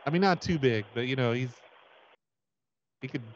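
A man's voice: medium pitch, normal speed. A man making a prank phone call, stammering and playfully silly. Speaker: prank caller. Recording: dull lo-fi with faint noise.

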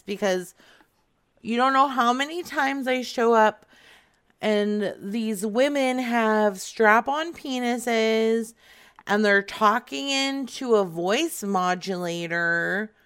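A woman's voice: fairly high pitch, a bit bright, clean tone. A young adult woman making a prank phone call, brash and teasing, laughing often. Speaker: prank caller.

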